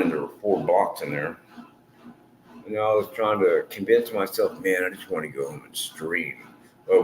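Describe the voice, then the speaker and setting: A man who streams, giving a rambling, earnest and emotional personal testimony and swearing freely. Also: low voice. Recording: echoey room with faint noise.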